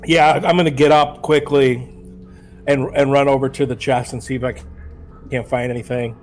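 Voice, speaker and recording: A man's voice: medium pitch, flat delivery, moderate pace, soft background music. A man playing in a tabletop game, speaking in a casual, plain-spoken way. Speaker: player.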